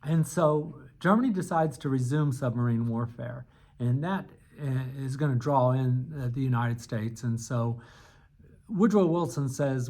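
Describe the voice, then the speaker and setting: A man lecturing on history in a relaxed, unscripted way. He talks as if chatting with his students and often pauses on "uh" and "um" or restarts a thought partway through. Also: medium pitch. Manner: conversational, many fillers and restarts. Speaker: history teacher.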